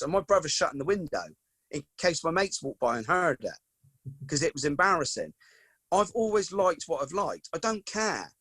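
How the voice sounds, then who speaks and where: A man's voice: fairly high pitch, breathy edge, dry recording. Chatty man in his forties. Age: 40s. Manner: lively anecdotal, peppers talk with "mate" and "do you know what I mean". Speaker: podcast guest, football coach. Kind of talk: casual storytelling chat.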